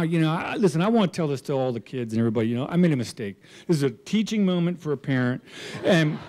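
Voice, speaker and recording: Animated older man telling a story. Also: a little high. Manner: animated, self-mocking, chuckling. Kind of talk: live personal storytelling. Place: stage at a storytelling show.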